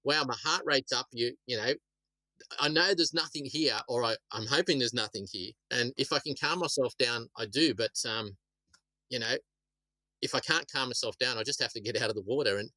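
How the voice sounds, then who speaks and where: Aussie guy yarning away, repeats himself a lot, bright voice, dry recording. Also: medium pitch, brisk, dry recording, rough recording. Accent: Australian. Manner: rambling, repeats words, laughs at his own stories. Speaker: shark attack survivor, guest. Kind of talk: casual storytelling interview.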